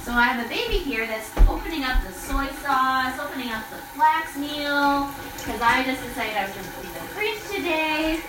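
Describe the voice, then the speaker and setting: Her voice high and expressive at a moderate pace, a woman in her thirties rambles with lots of fillers about her day as a mother in a casual vlog monologue. She's at home in her kitchen, a bit away from the mic, with dishes and cutlery clattering loudly in a noisy background.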